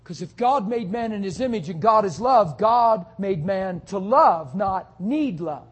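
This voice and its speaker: A male preacher with a notably high voice, delivering a sermon in a fervent, emphatic way. His tone carries a husky, breathy edge. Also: animated, measured pace.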